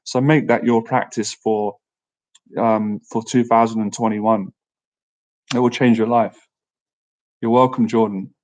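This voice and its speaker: A man's voice: on the low side, measured pace, pauses often, low-quality recording. A man who coaches social skills, chatting casually through a live-stream Q&A in an upbeat way, laughing easily and often asking "right?". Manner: laughs easily, animated when telling stories.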